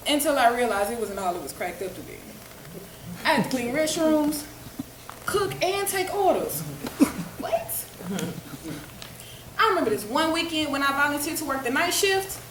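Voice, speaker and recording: A woman with a high voice tells a dramatic first-person story, swinging widely in pitch as she acts out the dialogue. She sounds some distance from the mic in an echoey room with faint noise behind. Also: a bit bright.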